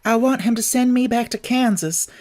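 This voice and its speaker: Storybook young girl, timid and earnest, high bright voice, put on by a male narrator. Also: moderate pace. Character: young girl, curious and kind.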